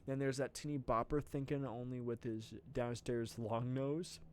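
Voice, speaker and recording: A man voicing a fed-up older male crew boss with a put-on Southern accent, complaining gruffly about his crew. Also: mid-range voice, fairly even intonation, moderate pace, a little hiss or hum, natural voice. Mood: grumbling. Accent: American Southern, put on.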